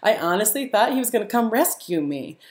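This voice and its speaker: A woman hosting a live stream, telling a story to her viewers in a casual, animated way, laughing often and using many fillers. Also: medium pitch, a little fast. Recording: roomy echo.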